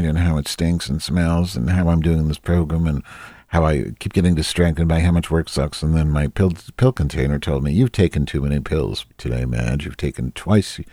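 A crude, self-mocking woman, as a man plays her rambles through a solo comedy monologue, losing her thread and filling gaps as she goes. The voice sits very low and dark. It is dry and close, with no room sound. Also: dry recording. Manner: rambling, distracted, loses track with many fillers.

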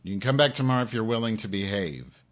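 A man's voice: on the low side, animated, fast talker. A man hosting his own live-stream show, in an angry, profane rant aimed straight at his audience.

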